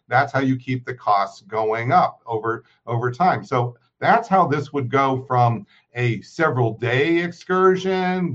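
A man, a political scientist, giving emphatic lecturing analysis in an interview, dropping his voice on grave points. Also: mid-range voice. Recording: muffled remote audio.

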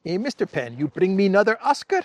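A man's voice: high voice, very animated, fast, voice pushed up. A man voicing a mock impression of a brash foreign president with a heavy put-on accent, cheeky and exaggerated. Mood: demanding.

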